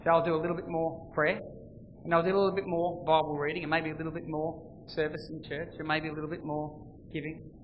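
A man preaching a sermon, swinging between loud emphasis and quiet, intimate lines. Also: fairly high pitch, level tone, fast, phone-quality sound, slight background noise. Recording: long reverb, faint ambience.

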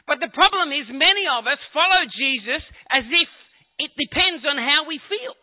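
A man's voice: extremely high pitch, animated, normal speed. A man preaching a sermon to a congregation, talking conversationally and joking with the people in the room. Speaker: pastor. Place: church hall with congregation. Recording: echoey hall on a tinny phone-like line.

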